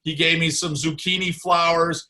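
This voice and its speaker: A chiropractor tells an interview story in an animated, blunt way, with swearing along the way. His voice is bright and forceful, and it sits a little high for a man. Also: moderate pace. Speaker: chiropractor guest.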